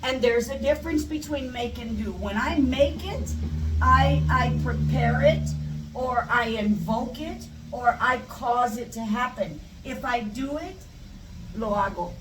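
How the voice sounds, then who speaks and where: A woman's voice: fairly high pitch, a little slow. A woman teaching English to Spanish speakers in a chatty live lesson, wandering into tangents and repeating example questions, recorded with static. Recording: static, echoey, mic far off.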